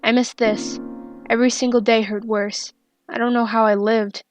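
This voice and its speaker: A woman's voice: a little high, level tone, normal speed, natural voice. A woman reading the lines of an anxious, grieving young man in a storybook reading, with faint music behind.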